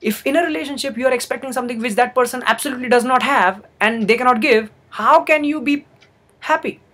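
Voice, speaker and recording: A man's voice: very high-pitched, fast talker, sharp tone. A young man giving an earnest motivational talk, repeating phrases for emphasis. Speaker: motivational speaker. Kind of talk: motivational monologue.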